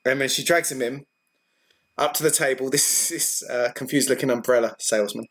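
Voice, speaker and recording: A man narrating as game master of a tabletop role-playing game, halting with many ums and frequent laughs. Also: mid-range voice, a bit bright.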